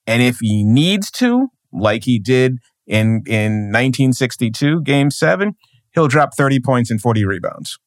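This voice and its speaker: A man talking as a guest on a podcast, emphatic and driving, stacking up his points one after another. His voice sits at a middle pitch. The studio sound is dry and close. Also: animated, a little slow, no room sound. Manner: emphatic, building points with repeated phrases. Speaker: sports journalist guest. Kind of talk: podcast interview.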